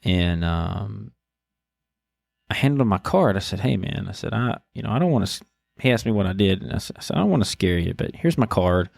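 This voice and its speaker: A low-pitched man in his thirties tells a story on his podcast in a relaxed, halting way, full of restarts and fillers. His voice has a gravelly edge, and the recording is dry and close. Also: no room sound. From Texas. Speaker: podcast host. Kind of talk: casual storytelling monologue.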